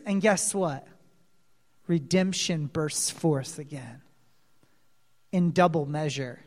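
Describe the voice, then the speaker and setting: Man preaching, lively storyteller, quizzes the audience, speaks slowly; large echoing hall. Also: fairly high pitch. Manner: animated storyteller, asks the audience questions. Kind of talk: sermon retelling a Bible story. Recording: long reverb of a large hall.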